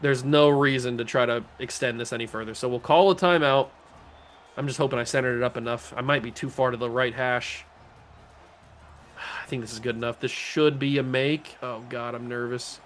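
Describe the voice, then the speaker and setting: There's slight background noise as a medium-pitched man commentates on his own gameplay at a moderate pace. Hosting a gaming channel, he jokes, talks to himself, and alternates between mutters and excited yells.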